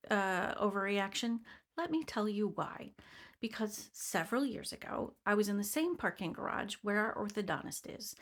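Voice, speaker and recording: A woman's voice: medium pitch, a bit bright. A woman in her forties, chatty and self-deprecating, telling a personal story in casual vlog style. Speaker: vlogger.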